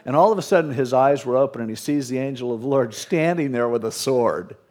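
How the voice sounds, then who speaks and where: A man's voice: mid-range voice, brisk, darkish tone. A male pastor preaching a sermon, retelling scripture in casual modern speech.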